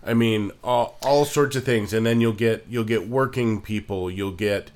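A man co-hosting a casual podcast chat, explaining accent resources in a measured, informative way. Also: lowish voice.

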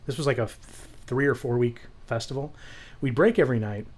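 Man, podcast co-host, chatty storyteller, casual cursing, animated delivery. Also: mid-range voice, fairly quick. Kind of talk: casual chat.

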